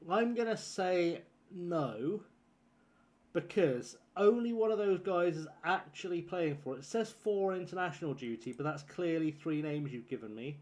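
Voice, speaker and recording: A man's voice: fairly high pitch, expressive, moderate pace, darkish tone. A man on a casual live stream, rambling and joking, swearing freely as he plays.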